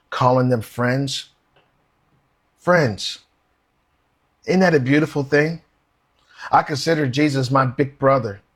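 Husky man preaching from scripture. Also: mid-range voice, fairly bright tone. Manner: reads verses aloud and comments informally; asks the listener questions. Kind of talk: sermon with scripture reading.

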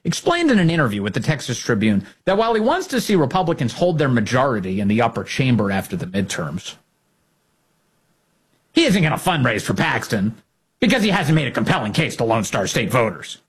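A man's voice: mid-range voice, sing-song, fairly quick, slightly rough. A man giving sarcastic, mocking political commentary as a host.

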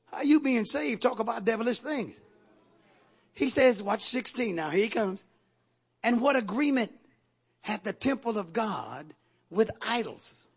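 A man's voice: extremely high pitch, fairly bright tone, husky. A man preaching a sermon with fervor, repeating questions to his congregation and calling on them to respond. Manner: calls on the crowd for response.

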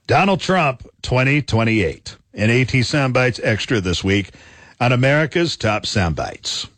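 Lively male radio countdown announcer. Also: mid-range voice, measured pace, no echo. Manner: punchy announcer delivery.

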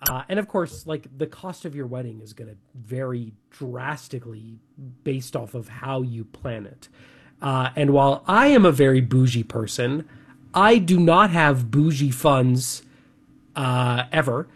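A young man co-hosting a casual talk segment. he talks in a chatty, animated way, full of little fillers and restarts. his pitch sits in the middle range. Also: measured pace, slightly rough. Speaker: radio show co-host.

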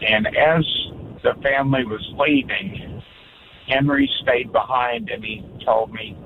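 Slow-talking guy in his 70s on a tinny phone line, faint road noise behind. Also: medium pitch, creaky. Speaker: caller. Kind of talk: call-in radio testimony.

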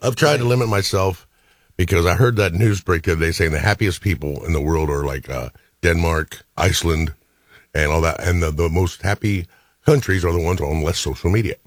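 A man's voice: deep voice, fairly quick, no echo, clean studio sound. A man co-hosting a morning radio show, easygoing and rambling, laughing often. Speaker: radio co-host. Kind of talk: casual morning radio chat. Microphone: studio microphone.

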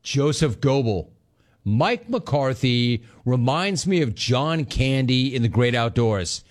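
A man's voice: mid-range voice, expressive, takes it slowly. A man hosting a sports talk show, reacting to callers and news in a sarcastic, mocking way and laughing often.

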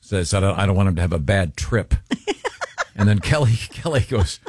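A man's voice: deep voice, lively intonation, fairly quick, a little mellow, breathy edge, dry recording, studio quality. A man hosting a casual group talk show, rambling and self-mocking with many restarts.

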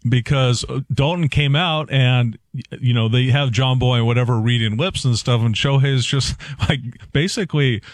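A man's voice: medium pitch, moderate pace, dry recording, studio quality. Rambling male producer explaining baseball. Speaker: executive producer and show regular. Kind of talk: sports talk radio.

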